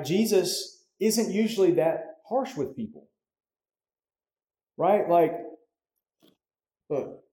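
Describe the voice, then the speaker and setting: A man's voice: on the high side, warm tone. Man preaching in an echoey hall. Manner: conversational, often tags "right?". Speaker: pastor. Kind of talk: sermon.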